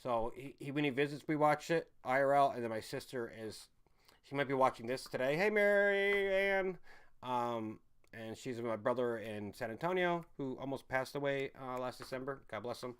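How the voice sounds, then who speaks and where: A man's voice: mid-range voice, brisk, smooth. A man hosting a casual livestream, rambling as he answers viewer chat, swearing freely and laughing often. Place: home in a city.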